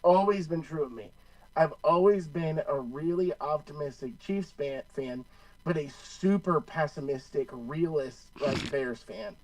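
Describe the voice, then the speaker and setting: A man's voice: on the high side, unhurried, far from the mic, a little hiss or hum, low-quality recording. A young man from the Chicago area co-hosting a podcast, talking sports in a rambling, casual way. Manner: rambling, restarts often. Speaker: podcast co-host.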